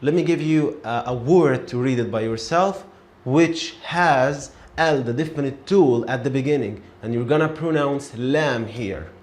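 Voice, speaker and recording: A man teaching a beginner language lesson, speaking slowly and patiently, sounding out syllables and repeating words so learners can follow. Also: medium pitch, a little mellow, echoey room. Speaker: Arabic teacher.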